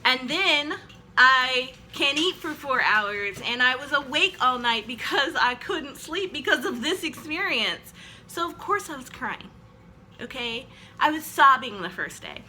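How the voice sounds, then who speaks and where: A woman talks to her own camera in a loose storytime monologue, her voice very bright and sharp and sitting somewhat high. She rambles through fillers and pokes fun at herself as she goes. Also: lively intonation, measured pace, slight background noise, poor audio. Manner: chatty and rambling, with frequent "like" fillers; self-deprecating and joking. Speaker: vlogger telling a personal story. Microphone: camera she films herself with.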